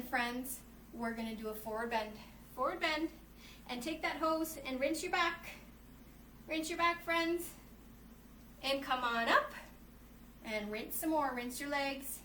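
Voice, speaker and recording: A woman's voice: sits high, fairly bright tone, recorded from a distance. A woman who teaches yoga to children, cheerfully reading a storybook and leading a class, often calling the listeners friends. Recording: roomy echo, faint noise.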